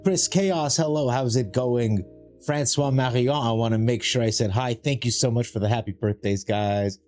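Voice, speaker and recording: A man chatting casually on a live stream while playing a card game, rambling and self-mocking, greeting viewers in a high sing-song voice. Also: moderate pace, darkish tone. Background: faint music.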